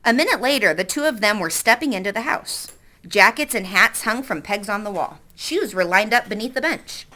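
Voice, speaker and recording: Expressive woman teacher reading aloud. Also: mid-range voice, moderate pace. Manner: expressive, stops to quiz the class. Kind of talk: reading a novel aloud to a class.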